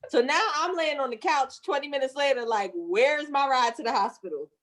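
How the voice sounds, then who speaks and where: A high-voiced woman in her thirties tells a birth story a little fast, with a bit of hiss or hum on the recording. She's animated, laughing and cursing, and voices every person she quotes.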